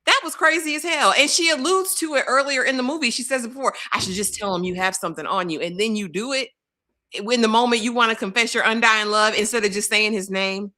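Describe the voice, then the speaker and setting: A woman's voice: a little high, fast, pushed and bright. A woman co-hosting a casual movie review chat, giving blunt, exasperated commentary. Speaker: podcast co-host.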